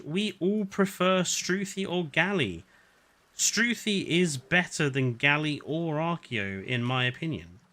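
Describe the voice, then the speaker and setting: A man's voice: fairly high pitch, bright, forceful tone. A man chatting casually and sarcastically while live-streaming a game, often laughing.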